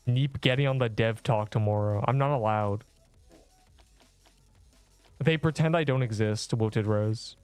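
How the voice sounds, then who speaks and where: A man's voice: lowish voice, unhurried, pauses often, a little mellow, clean tone, no room sound, soft background music. A young man streaming a game, bantering sarcastically with his chat in a casual, joking way.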